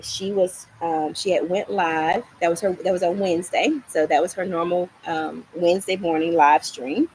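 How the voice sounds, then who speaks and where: A middle-aged woman hosting a gardening livestream, telling a story in a casual, animated way and acting out the lines she quotes. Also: moderate pace, few pauses, slight background noise, poor audio. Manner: animated, acts out quoted lines with rising pitch. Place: small home patio garden, outdoors.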